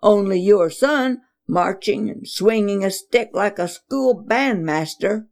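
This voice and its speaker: A man's voice: sits high, slow, creaky, heavily acted. A woman reading the lines of a village neighbor in a children's story, matter-of-fact. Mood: plain. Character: village neighbor with a buffalo cart.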